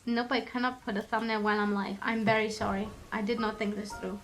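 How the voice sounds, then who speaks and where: A woman's voice: on the high side, flat delivery, a little fast, a bit bright, a little hiss or hum. A young woman streaming, chatting casually with her viewers, rambling and swearing freely with lots of fillers. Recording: music playing under the voice. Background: music in the background.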